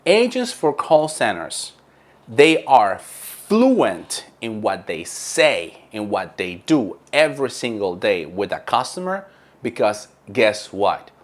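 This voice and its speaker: A man's voice: lowish voice, big pitch swings, takes it slowly. Emphatic call center trainer guy, voice swoops up and down a lot, coaching tone. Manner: emphatic, repeats key words. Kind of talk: online coaching lesson.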